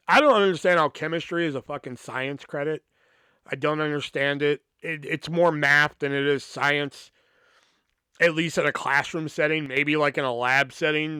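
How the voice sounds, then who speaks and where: A man's voice: fairly high pitch, clean tone, no room sound, studio quality. A young man hosting a podcast, telling a story in a casual, profane way and acting out the conversations he quotes. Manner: profane, animated, acts out quoted exchanges. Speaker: podcast host.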